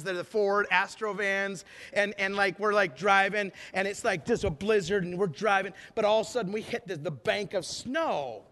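Male preacher, very high voice, lively sermon delivery, long hall echo. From northern Wisconsin. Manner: animated, swings from loud shouting to hushed prayer.

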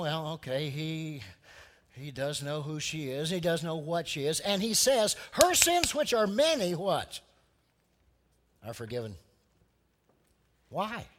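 A man preaching a sermon, telling a story with lively acted-out voices for its people. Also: on the high side, in a large hall. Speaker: pastor.

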